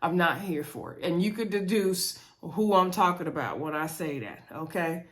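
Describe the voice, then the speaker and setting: A woman's voice: fairly low pitch, expressive, normal speed. A woman casually recapping and reviewing a reality show episode, chatting to her viewers and laughing often.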